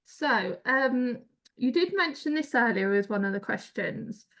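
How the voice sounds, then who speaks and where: A high-pitched woman hosts a relaxed interview. She is chatty and quick to giggle, and she trades her own teaching anecdotes with her guest. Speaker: interview host, online tutor. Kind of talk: casual interview chat.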